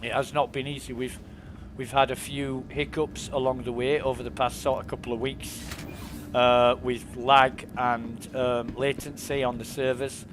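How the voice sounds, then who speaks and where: Against a noisy background, this UK streamer speaks a little slowly in a medium-pitched voice with little pitch movement. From his home desk he chats casually over a video game, full of fillers and laughing at his own stories.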